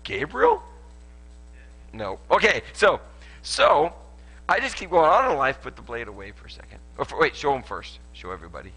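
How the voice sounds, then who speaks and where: A man's voice: mid-range voice, very animated, brisk, sharp tone, breathy edge, rough recording. A man, a pastor giving a playful sermon with a live demonstration, joking and laughing often with lots of restarts, in a church auditorium.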